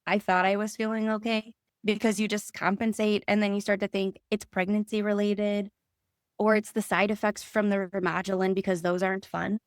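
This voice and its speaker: A woman's voice: medium pitch, level tone, normal speed, dry recording, studio quality. A woman, a podcast guest, earnestly telling her personal story in conversation and acting out remembered dialogue.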